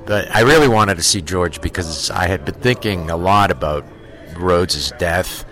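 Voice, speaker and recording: Very low-voiced man telling a halting anecdote. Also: soft background music. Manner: halting, full of fillers and restarts; lively storyteller who acts out quoted voices. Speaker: actor telling an on-set story. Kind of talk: casual interview anecdote.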